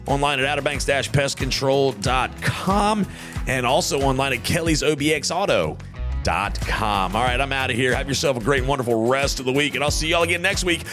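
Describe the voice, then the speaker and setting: A man's voice: mid-range voice, fairly bright tone. A man hosting a local podcast, folksy and upbeat in casual chat. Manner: folksy and upbeat, with Southern turns of phrase. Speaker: podcast host.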